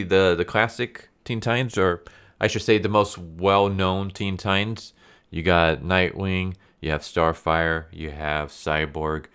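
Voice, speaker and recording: A man's voice: low voice, a bit bright, smooth. A man giving a blunt, profane, casual review of a comic book, getting heated as he talks.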